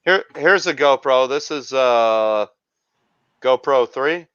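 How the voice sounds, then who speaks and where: Smooth-voiced man explaining camera gear. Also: medium pitch, expressive, slow, fairly bright tone, no echo. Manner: rambling, explains gear with fillers. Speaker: show host. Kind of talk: casual chat. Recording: dull lo-fi dry sound.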